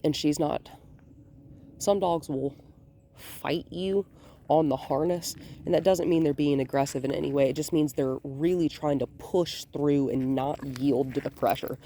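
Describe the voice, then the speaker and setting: A woman dog trainer filming a walk outdoors on a hand-held phone, calmly explaining and softly praising the dog. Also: sits low, measured pace, a little hiss or hum. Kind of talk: hands-on training demonstration. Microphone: phone held in one hand.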